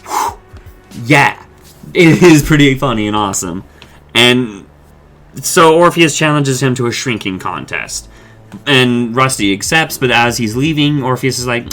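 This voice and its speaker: A man's voice: medium pitch, animated, measured pace, fairly bright tone, soft background music. A man hosting a podcast, casually recapping and discussing an episode in a rambling way, swearing freely and paraphrasing the characters' lines. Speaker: podcast host.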